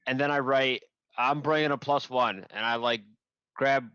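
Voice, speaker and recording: A man's voice: mid-range voice, fairly even intonation, normal speed, bright, forceful tone, clean tone, dry recording, highs cut off. A man playing a tabletop game, joking and playful about his character's actions. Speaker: player. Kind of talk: casual tabletop play.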